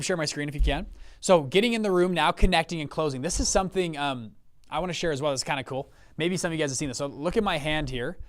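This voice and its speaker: A young man hosting a casual live webinar over a video call, telling stories with lots of restarts and quick check-ins with his viewers. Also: on the high side. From Utah. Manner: animated, storytelling with many restarts and check-ins. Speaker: fund manager and webinar host.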